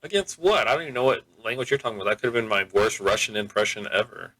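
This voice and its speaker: A young man co-hosting a podcast in casual chat, easygoing and wry with hesitant pauses. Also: lowish voice, lively intonation, pushed and bright, no room sound, low-quality recording. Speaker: podcast co-host.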